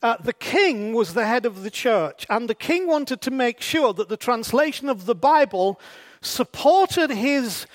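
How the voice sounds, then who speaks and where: High-voiced man preaching a sermon. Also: lively intonation, unhurried. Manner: conversational, asks rhetorical questions.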